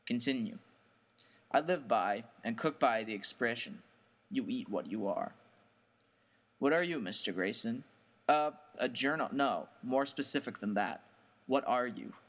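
A man voicing a greasy, menacing male diner cook with a deep, gruff voice and slow, sinister questions. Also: expressive, a bit bright.

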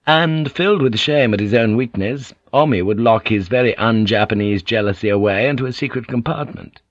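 A man in scripted narration, reading an audiobook in a measured, even way. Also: mid-range voice, dry recording. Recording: dull lo-fi audiobook recording.

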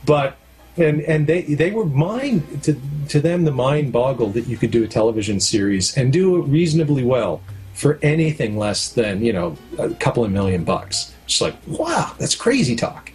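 Over faint music, a middle-aged man from Canada speaks at normal speed in an expressive, slightly mellow, medium-pitched voice. A documentary producer and director, he talks candidly in a casual interview, relying on anecdotes and everyday analogies to make his points.

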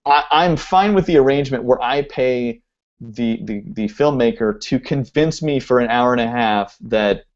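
A man's voice: mid-range voice, moderate pace, lo-fi sound. Joking, swearing man hosting a web chat. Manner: animated, swearing, jokey. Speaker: podcast host. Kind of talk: casual chat on a live video hangout.

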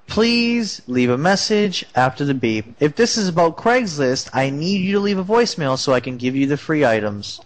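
A man voicing an automated voicemail system during a prank call, reading prompts in a slow, low monotone. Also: dry recording. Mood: robotic. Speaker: prank caller.

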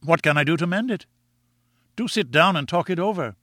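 A man's voice: fairly high pitch, expressive, fairly quick, pushed and bright, no echo, clean studio sound, voice pushed up. A man reading aloud voices an earnest, lovestruck young man who pleads eagerly with the woman he loves.

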